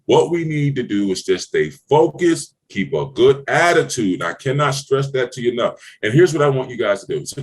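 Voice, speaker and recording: Middle-aged male mentor, podcast chat, blunt and profane, very lively pitch. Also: a little fast, few pauses. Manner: blunt, swearing, preachy, emphatic. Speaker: business mentor. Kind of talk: motivational podcast talk.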